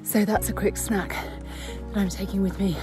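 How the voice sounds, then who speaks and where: A woman, talking to camera on a countryside walk in an unhurried, musing way. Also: mid-range voice, steady tone, warm tone. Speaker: vlogger. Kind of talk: casual walking vlog. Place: outdoors in windy countryside. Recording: vlog voice with clear background music.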